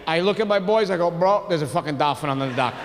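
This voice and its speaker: A stand-up comedian with a high, bright-edged voice works a big room, animated and loud on his punchlines. His voice rings with a long hall reverb, and crowd noise sits clearly behind him. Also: quick pace. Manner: animated, shouts punchlines, acts out family members. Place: large theater stage with audience.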